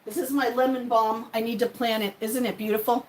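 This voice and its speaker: A woman's voice: a little high, fairly even intonation, a little fast, slight background noise. A woman chatting casually on a live stream while she cooks, greeting viewers by name and laughing often. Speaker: livestreaming cooking vlogger.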